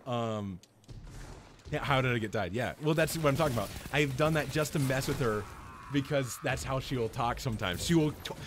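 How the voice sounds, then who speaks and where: A young man streaming a video game, rambling chattily with lots of fillers and restarts, and breaking into excited high yelps when something happens in play. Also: a little fast. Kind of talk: live gameplay commentary. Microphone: headset-style desk mic, headphones off. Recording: noisy game stream audio.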